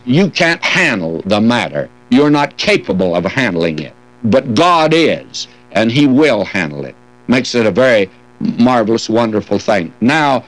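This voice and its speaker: Older man teaching scripture with lively pitch. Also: poor audio. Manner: folksy, homespun asides with gentle humor; reads verses aloud in old King James wording. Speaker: Bible teacher. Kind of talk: expository Bible teaching.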